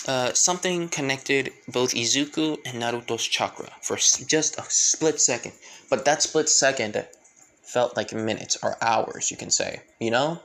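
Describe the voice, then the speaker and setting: A young man narrates a fan-made story on the fly, middling in pitch. He rambles, restarts sentences, and speaks straight to his viewers. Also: a bit bright. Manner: rambling, many fillers and restarts.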